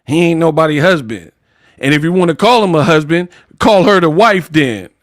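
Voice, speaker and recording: A loud, rambling woman boxer blurting through an interview, played by a man mocking her. The pitch is pushed up and the sound is dry and close to the mic. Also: animated, normal speed, dry recording, lightly acted. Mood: brash.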